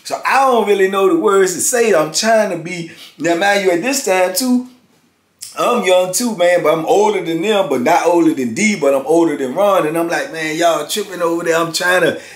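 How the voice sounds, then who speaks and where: A man in his fifties telling a prison story in casual, animated talk. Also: high-pitched, normal speed. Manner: animated, acts out others' voices. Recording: roomy echo.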